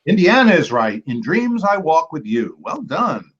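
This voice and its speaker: Quiz host, male, slightly high voice, chatty, repeats clues, dull lo-fi audio. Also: very animated, fairly bright tone, slightly rough. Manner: chatty, repeats each clue, quick asides and apologies. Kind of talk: reading trivia questions and chatting with teams. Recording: dull lo-fi recording.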